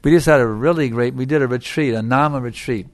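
A middle-aged man with a gravelly, creaky voice, giving an emphatic devotional lecture. He repeats his phrases for stress, and the recording is close and dry. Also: mid-range voice, fast, no room sound. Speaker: spiritual teacher.

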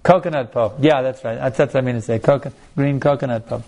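A man's voice: mid-range voice, fast talker, a little mellow. A man as a spiritual teacher telling stories and answering audience questions, with many restarts and laughs. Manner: storytelling with frequent restarts and laughs.

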